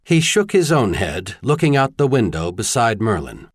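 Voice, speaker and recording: A man reading an audiobook in expressive scripted narration. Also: on the low side, moderate pace, breathy edge, dry recording, clean studio sound.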